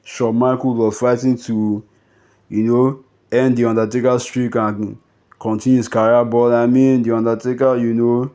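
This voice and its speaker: A man's voice: medium pitch, level tone, moderate pace, dark tone, smooth. A man talking casually in an unscripted monologue, rambling and filling his sentences with "you know", "man" and "bruh".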